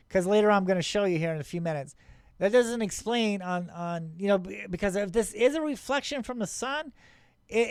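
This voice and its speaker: High-pitched guy excitedly talking over his ufo clip, smooth voice, dry close sound, keeps restarting sentences. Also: no echo. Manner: excitable, rambling, with many restarts and chuckles; incredulous toward skeptics. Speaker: paranormal channel host. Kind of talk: casual commentary over his own video footage.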